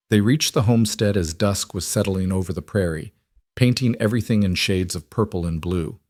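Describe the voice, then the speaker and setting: Low-voiced man narrating a calm story. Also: a little fast, dry recording, studio quality. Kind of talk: scripted narration.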